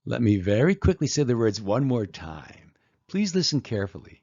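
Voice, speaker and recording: A man teaching English pronunciation, saying words one at a time with long pauses for the listener to repeat. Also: medium pitch, sing-song, darkish tone, no echo, dull audio. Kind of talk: slow, deliberate pronunciation drill.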